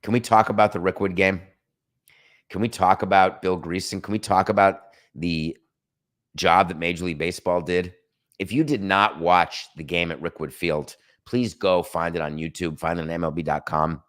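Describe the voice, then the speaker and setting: A man's voice: deep voice, fairly even intonation, normal speed, fairly bright tone. A middle-aged man hosting a sports talk show, ranting in an opinionated, sarcastic monologue. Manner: sarcastic, emphatic, rants with mock quotes.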